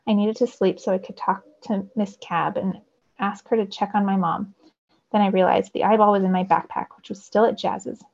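Woman teacher reading a novel aloud for students, expressive, gravelly, dull lo-fi audio. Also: mid-range voice, moderate pace. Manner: expressive storytelling.

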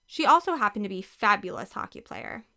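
A woman narrating a children's storybook with a lively, expressive reading. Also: medium pitch, fast. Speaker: audiobook narrator.

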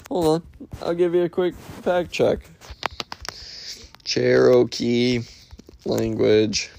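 A man hosting a relaxed solo podcast goes off on tangents, uses profanity, and ribs himself. His medium-pitched voice is animated yet slow, gravelly and darkish, with long pauses and slight background noise.

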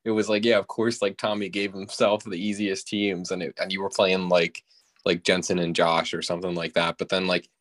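Low-voiced laid-back man. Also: little pitch movement, fairly quick, a bit bright, no echo, clean studio sound. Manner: laid-back, hesitant, many fillers and restarts. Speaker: podcast co-host. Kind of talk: casual chat about fantasy football.

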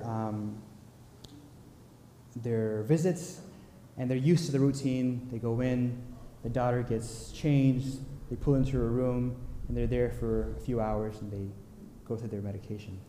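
A man's voice: mid-range voice, steady tone, a little slow, mellow, echoey room, big-room sound, a little hiss or hum. A male pastor telling a story during a sermon in a conversational way, with frequent fillers. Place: church sanctuary.

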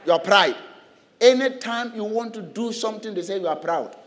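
Male preacher, high and lively delivery, asks the room questions, laughs a lot; long reverb from the church hall. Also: normal speed. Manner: animated, asks the congregation questions and laughs often. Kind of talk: sermon.

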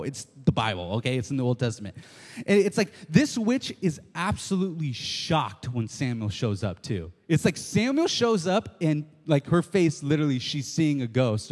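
A man preaching a casual, excitable sermon, often checking in with his listeners. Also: mid-range voice, in a large hall. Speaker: pastor. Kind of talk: conversational sermon.

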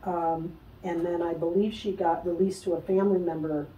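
A woman telling a personal story as a guest in an interview, animated, acting out the voices of other people and laughing often. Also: on the low side, moderate pace, reverberant, far from the mic, lo-fi sound, slight background noise. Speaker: guest, spiritual healer.

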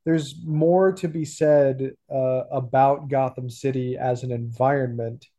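Man with a very dark, mellow voice. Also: medium pitch, fairly even intonation. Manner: measured, thoughtful, with filler pauses. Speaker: podcast co-host. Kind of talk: casual chat about a cartoon episode.

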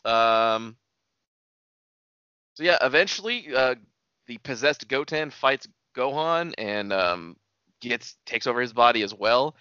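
A man talks in a loose, laughing way, cursing freely as he recaps a show. His voice is bright and forward, with a lively, swinging pitch. The recording is dry and somewhat dull, like a budget mic. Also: slow, long pauses, clean tone, no room sound. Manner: loose, laughing, swears freely, retells scenes. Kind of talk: casual chat.

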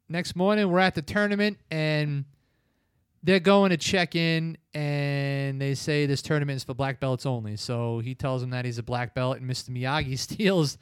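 Man, slightly high voice, smooth and clear, loose rambling recap, dry close mic. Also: normal speed, dry recording. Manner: rambling retelling with filler words. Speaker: film review podcast host. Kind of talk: casual plot recap.

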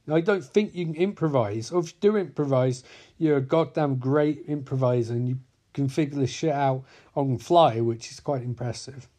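A man's voice: medium pitch, normal speed, mellow. A man casually reviewing and recapping a film, rambling and jokey, acting out bits of dialogue. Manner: rambling, jokey, acts out quotes in bursts. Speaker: movie reviewer.

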